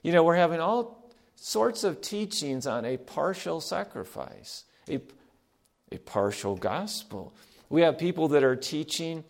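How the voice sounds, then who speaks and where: A middle-aged man preaching a sermon in an earnest, emphatic way, repeating key phrases, asking the congregation to fill in words, and swinging between loud and soft. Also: on the high side, very animated, measured pace, creaky. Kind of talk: sermon with call-and-response.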